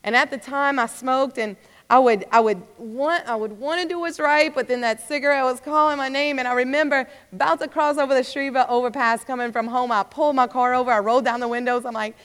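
A woman's voice: high-pitched, fairly quick, fairly bright tone. A young woman preacher giving a fervent sermon testimony, rising to urgent exhortation. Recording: long hall reverb.

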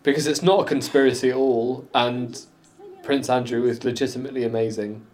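A man's voice: medium pitch, fairly even intonation, brisk, darkish tone. A man co-hosting a podcast, chatting casually and joking sarcastically. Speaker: podcast co-host. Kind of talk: casual chat.

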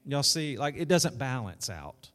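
A man's voice: medium pitch, big pitch swings, unhurried, a bit bright. Man preaching in an echoey church. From South Arkansas. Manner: conversational preaching with repetition and call-outs. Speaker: pastor. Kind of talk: sermon. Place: church sanctuary.

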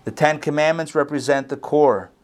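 Man, slightly high voice, relaxed teacher on a video call, chatty and self-correcting. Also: normal speed. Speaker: Torah teacher. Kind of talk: conversational online Bible class.

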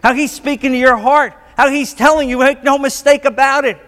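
A man's voice: very high voice, steady tone, brisk, few pauses, a bit bright. A male pastor preaching a sermon with impassioned emphasis, building to emphatic declarations. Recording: long hall reverb.

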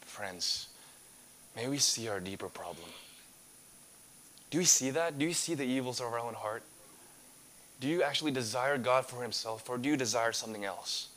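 A man's voice: mid-range voice, animated, moderate pace, pauses often, a bit bright, slight background noise. Earnest male preacher with rhetorical questions. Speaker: pastor. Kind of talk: sermon.

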